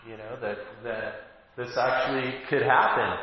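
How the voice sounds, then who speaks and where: A man preaching a sermon, telling the story conversationally and swinging between loud emphasis and hushed asides. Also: mid-range voice, steady tone, normal speed. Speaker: pastor. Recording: echoey hall, dull sound.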